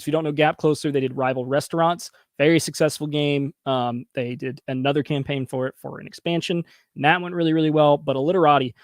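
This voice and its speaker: A man in his thirties hosting a casual review show, chatty and quick to laugh, talking straight to his viewers. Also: a little high, no room sound, studio quality. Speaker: host reviewing crowdfunding pages. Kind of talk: casual commentary.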